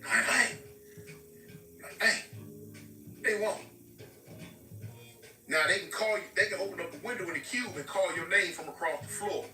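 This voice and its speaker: A man tells a story casually and animatedly, acting out each person he quotes. His voice is strikingly bright and somewhat high. He sounds set back from the mic in a roomy space, with faint music underneath. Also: moderate pace, pauses often, recorded from a distance. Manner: animated, acts out quoted dialogue. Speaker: vlogger telling a prison story.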